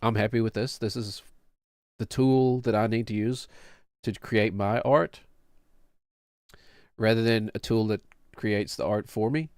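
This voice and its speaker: A man's voice: on the low side, measured pace, long pauses, darkish tone, clear, resonant tone, dry recording, clean studio sound. A man in his late thirties, a streamer explaining his own music production in a casual, rambling, self-deprecating way and laughing often. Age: late 30s.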